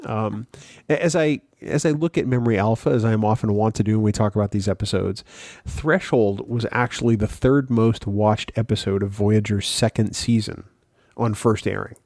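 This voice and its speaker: A man's voice: on the low side, moderate pace, a little mellow, dry recording, studio quality. A man co-hosting a casual podcast, thoughtful, explaining with everyday comparisons and frequent ums. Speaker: podcast co-host.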